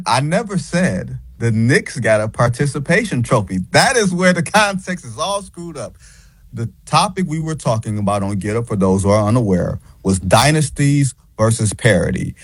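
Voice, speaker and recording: A man talks basketball as a guest, husky and sarcastic. He pushes back with emphasis. The sound is dry and close. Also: mid-range voice, dry recording. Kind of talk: casual radio interview.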